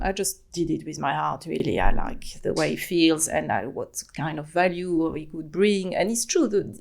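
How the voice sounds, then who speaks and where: A woman in her forties speaks English with a French accent, her voice sitting on the lower side and carrying a gravelly fry. She tells her stories as a podcast guest, animated, chatty and laughing often. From France. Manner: animated storytelling with frequent laughs and fillers. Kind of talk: casual conversational interview.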